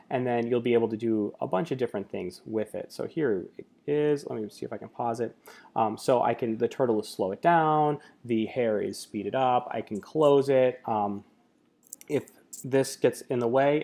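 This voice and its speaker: A man walks through a screen-recorded tutorial in a relaxed, mellow voice. He talks casually as a tech coach and fills his pauses with ums and uhs. His pitch sits in an ordinary middle range for a man. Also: gravelly. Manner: casual, filler-heavy explaining.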